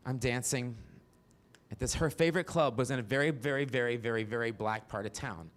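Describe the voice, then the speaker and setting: A man in his forties tells stories on a theater stage, brash and profane, his voice jumping into high squeals at the big moments. His pitch sits in a middle range, neither deep nor high. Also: a little fast. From American South. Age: 40s. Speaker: stand-up storyteller. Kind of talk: stand-up comedy storytelling.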